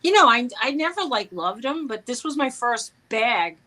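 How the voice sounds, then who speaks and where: A woman's voice: fairly high pitch, moderate pace, poor audio. Chatty middle-aged New York woman. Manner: chatty, laughs often, animated storytelling. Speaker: co-host. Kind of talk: casual chat.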